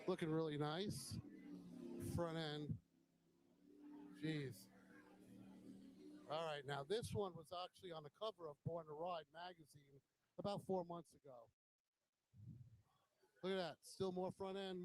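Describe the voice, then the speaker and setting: A man's voice: fairly high pitch, no room sound, poor audio. A man hosting a motorcycle vlog, walking around a bike show with a handheld camera and giving casual, admiring commentary on each bike, now and then swearing bluntly. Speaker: motovlog host.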